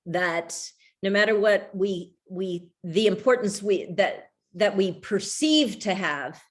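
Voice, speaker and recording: A woman's voice: mid-range voice, animated, slow pace. A middle-aged woman speaking as an author guest, reflective and rambling, with frequent restarts and trailing thoughts. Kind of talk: conversational talk over a video call.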